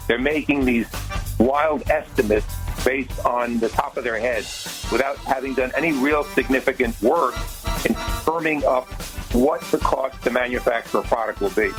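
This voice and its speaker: A man gives measured explanations as an industry expert guest on a radio show. His voice sits in a middle register, and clear music plays behind him. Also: medium pitch, rough recording. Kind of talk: radio interview.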